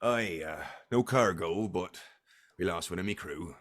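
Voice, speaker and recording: A man doing Captain Cross, a gruff salty sea captain. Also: deep voice, fairly bright tone. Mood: solemn. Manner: salty sailor talk, blunt and brisk. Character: gruff male ship captain, blunt sailor.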